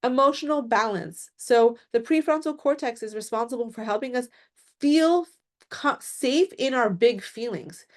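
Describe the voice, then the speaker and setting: A woman's voice: a little high, lively intonation, normal speed. A woman presenting a mental health workshop, explaining step by step and often checking in with "right?" and "okay?".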